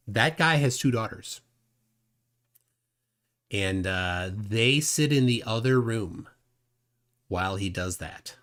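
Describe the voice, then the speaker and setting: A man's voice: lowish voice, animated, fairly bright tone. A man hosting a livestream, talking casually and hesitantly with many fillers while reading viewer comments. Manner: unhurried, halting with many fillers. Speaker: livestream host. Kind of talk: casual live-stream commentary.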